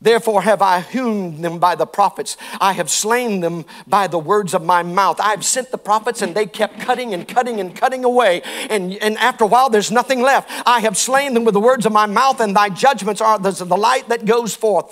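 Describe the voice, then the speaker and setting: A man preaches to his church congregation in a high voice. He reads scripture aloud and then explains it in folksy terms. At times his delivery climbs into fervent, shouted preaching. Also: moderate pace, hardly any pauses. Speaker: pastor. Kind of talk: sermon. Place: church sanctuary.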